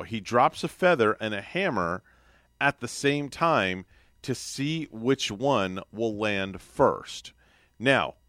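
A man's voice: mid-range voice, fairly bright tone, dry recording, studio quality. A man hosting a morning radio show, setting up clips and teasing his co-hosts in casual banter. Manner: sets up bits, teases co-hosts. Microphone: studio microphone.

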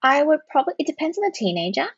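A woman counsellor on a parenting podcast, explaining calmly and acting out the gentle phrases she recommends. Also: high voice, very fast, dry recording, muffled recording. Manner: explains with demonstrated soothing phrases. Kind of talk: conversational podcast interview.

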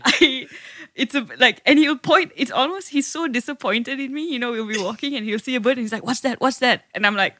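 A woman's voice: sits high, fairly quick, hardly any pauses, no echo. A woman, a guest veterinarian in a casual podcast chat, telling stories with lots of laughter. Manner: laughing, animated storytelling.

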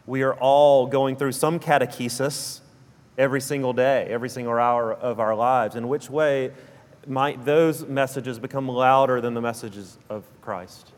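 Southern pastor preaching in a reverberant hall. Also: male voice, mid-range voice, steady tone, moderate pace. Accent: Southern US (South Alabama). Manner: earnest, repeats key phrases for emphasis. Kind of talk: sermon. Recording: long reverb of a church hall.

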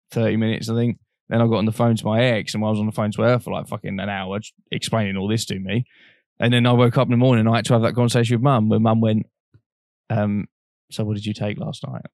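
A young man with a low-pitched voice tells a long personal story in a relaxed, frank way. He swears freely and slips into the voices of the people he quotes. The sound is dry and close, with no room echo. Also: vocal fry. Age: young adult. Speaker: podcast co-host. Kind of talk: casual storytelling chat.

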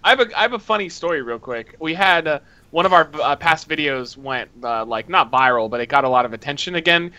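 A man's voice: a little high, animated, fairly quick, hardly any pauses, pushed and bright. A young man co-hosting a casual podcast, brash and crude, rambling through stories. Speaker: podcast co-host.

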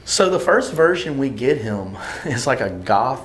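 Man, animated storyteller, mimics quoted voices, faint background noise. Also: medium pitch, unhurried. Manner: lively anecdotes, acts out quoted voices, laughs often. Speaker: singer and bandleader.

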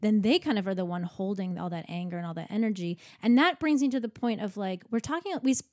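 A woman's voice: mid-range voice, fast, no room sound, studio quality. A woman co-hosting a casual chat, talking frankly and acting out the people in her stories. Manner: animated, frank, acts out quoted voices in stories.

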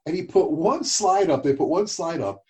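A middle-aged man co-hosting a casual talk show, telling stories and getting animated when he quotes others. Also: a little high, normal speed. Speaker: podcast co-host. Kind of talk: casual conversation.

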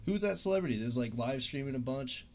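A man's voice: medium pitch, lively intonation, racing. A young man hosting a casual livestream chat, swearing and laughing as he tells stories. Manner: laid-back, swearing, laughing storyteller. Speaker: livestream host.

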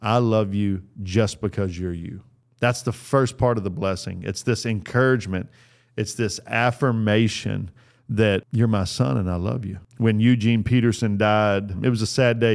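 A man's voice: on the low side, darkish tone. A middle-aged man giving an earnest, sermon-style talk on fatherhood, repeating his phrases for emphasis. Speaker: speaker on fatherhood.

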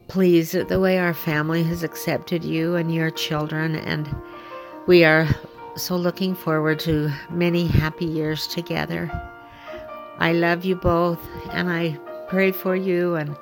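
A woman's voice: lowish voice, low-quality recording. An older woman, the groom's mother, giving a tender, emotional message of love. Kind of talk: recorded well-wishing message. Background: music.

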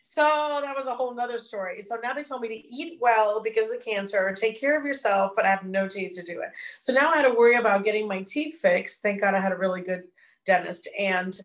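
A middle-aged woman telling a personal story as an interview guest, animated and acting out what people said. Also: medium pitch, a little fast. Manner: animated, acts out dialogue. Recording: echoey room.

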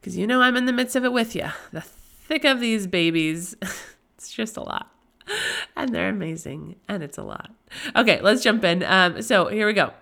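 A woman's voice: mid-range voice, expressive, normal speed, vocal fry, fairly bright tone. A young woman hosting a casual faith-based podcast, chatty and rambling into tangents, her voice nasal and tired from a lingering cold. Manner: chatty, rambling into tangents, often asks "right?". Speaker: podcast host.

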